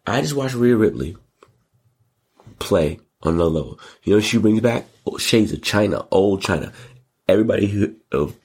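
A man hosting his own show, giving a casual, animated movie review full of slang and repeated words. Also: lowish voice, normal speed, slightly rough. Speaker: show host.

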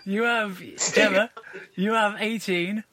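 A man keeping score for a casual quiz, reading out the totals slowly and laughing between them. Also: high voice, fairly even intonation, sharp tone, no room sound.

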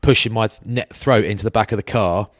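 A British man telling lively laddish stories in a casual podcast chat. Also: fairly low pitch, fast talker, no room sound, clean studio sound. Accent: British English. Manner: laddish banter, lively anecdotes with acted quotes. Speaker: podcast co-host.

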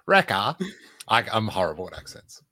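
A man's voice: lowish voice, big pitch swings, moderate pace, pushed and bright. A man co-hosting a casual fan chat, teasing his partner and hesitating with fillers.

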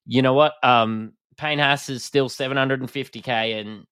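A man's voice: mid-range voice, steady tone, moderate pace, a bit bright, clear, resonant tone. A man co-hosting a casual fantasy sports podcast, easygoing and hedging his opinions. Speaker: podcast co-host.

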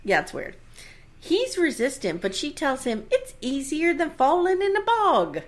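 A woman's voice: high voice, measured pace. A woman co-hosting a casual podcast, recapping a TV episode with frequent laughter and acted-out lines. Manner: animated storyteller who laughs often and acts out lines. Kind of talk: casual chat.

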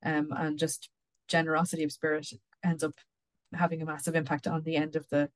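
A woman's voice: sits low, flat delivery, a little fast, dry recording. A woman co-hosting a book podcast, talking casually with lots of restarts and repeated words. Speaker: podcast co-host. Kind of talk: casual book discussion with read-aloud passages.

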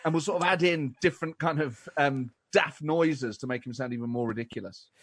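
Sex: man. Role: impressionist guest. Style: casual interview chat. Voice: mid-pitched. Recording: dry and close. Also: fairly quick, a bit bright, breathy edge, dry recording.

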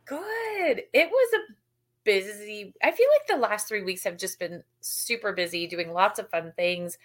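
A woman co-hosting a casual motorsport chat podcast, bubbly and excitable, laughing easily. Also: mid-range voice, a little slow. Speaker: podcast co-host.

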